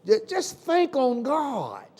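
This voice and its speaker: High, lively Southern preacher man. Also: takes it slowly. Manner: call-and-response preaching with sudden loud and soft swings. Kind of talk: sermon.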